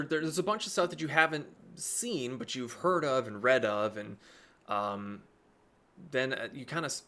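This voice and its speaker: A man's voice: on the high side, bright, forceful tone. A man narrating as game master of a tabletop game, with a rambling delivery full of fillers and restarts.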